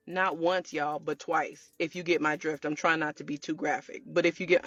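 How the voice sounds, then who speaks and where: A woman telling her viewers a personal story in a casual storytime way, animated and chatty, calling them y'all. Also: low voice, moderate pace, few pauses, no room sound, dull audio, faint music behind. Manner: animated, addresses viewers as y'all, acts out quotes. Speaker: storytelling vlogger.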